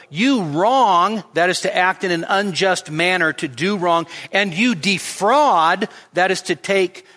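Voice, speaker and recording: Pastor, male, expository sermon; high voice, emphatic delivery, church reverb. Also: a bit bright. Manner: emphatic, rises sharply on quoted lines. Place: church sanctuary.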